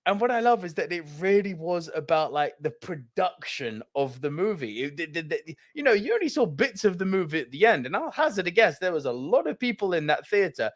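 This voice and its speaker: Casting: excitable male podcast co-host, swings his pitch all over, laughs and swears constantly. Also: fairly quick, few pauses. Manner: animated, swears a lot, laughs often, acts out movie quotes. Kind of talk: casual movie podcast chat.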